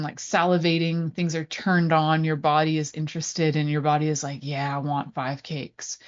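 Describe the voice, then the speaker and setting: Female radio host, low voice, chatty and loose, dull lo-fi sound. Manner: chatty, rambling, laughs easily. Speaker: sex and relationship coach, radio host. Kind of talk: casual radio talk.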